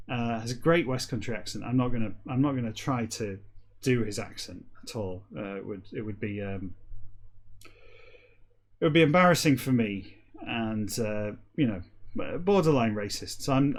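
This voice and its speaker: A man hosting a comedy podcast, reading slowly and deadpan, then breaking into quick, chatty asides. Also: medium pitch. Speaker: podcast host. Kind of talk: comic reading of a novel backwards, then rambling aside.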